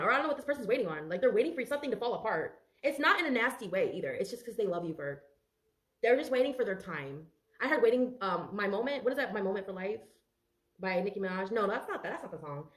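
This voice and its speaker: A woman's voice: fairly high pitch, sing-song, very fast, reverberant. A woman giving a casual tarot reading, chatty and emotional, talking straight to her viewers and swearing now and then. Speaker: tarot reader.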